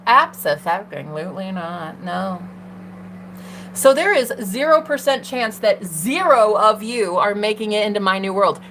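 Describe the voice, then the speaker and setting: A woman's voice: medium pitch, a bit bright, a little hiss or hum. A young woman hosting a tarot livestream, talking in a sassy, swearing, casual monologue to herself and her chat. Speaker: tarot reader and livestream host.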